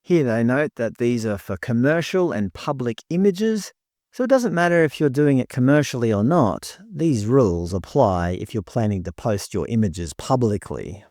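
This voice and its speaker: A man's voice: mid-range voice, lively intonation, normal speed, darkish tone, no room sound, clean studio sound. A man delivering scripted commentary in a sarcastic, indignant way. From Australia. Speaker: commentary vlogger.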